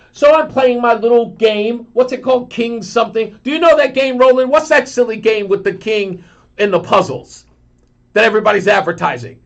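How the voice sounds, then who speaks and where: High-voiced radio guy spinning a story, animated, bit muffled sound. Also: normal speed. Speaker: radio talk host. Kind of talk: storytelling monologue on talk radio.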